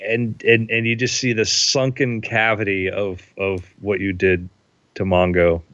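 A man's voice: lowish voice, level tone, a little slow, a bit bright, dry recording, muffled recording. A man narrating a tabletop game as game master, playful and vivid, with sound effects.

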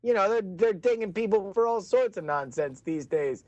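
A man doing comedic improv, firing off jokey questions in quick banter. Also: sits high, expressive, a little mellow, no echo, highs cut off. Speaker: improv player.

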